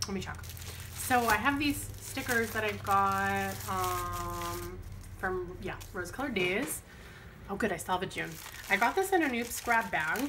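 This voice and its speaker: Decorating her planner, a young woman with a gentle lilt chats casually and rambles on, frequently poking fun at her own slip-ups. She speaks at a measured pace in an expressive, mid-pitched voice, with background noise behind her.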